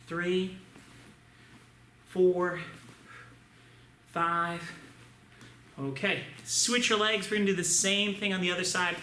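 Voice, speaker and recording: Bright-voiced martial arts instructor, roomy echo. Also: male voice, a little high. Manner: upbeat, coaching, often checks in with "right?". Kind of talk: online kids' class instruction. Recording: echoey room with faint ambient noise.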